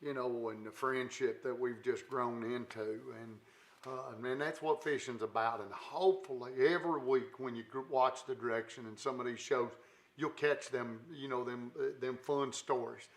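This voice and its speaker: A man's voice: mid-range voice, steady tone, moderate pace. A man hosting a fishing show's live stream, chatting in a folksy, rambling way with lots of fillers and restarts. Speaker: host. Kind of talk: live-stream chat reading viewer comments.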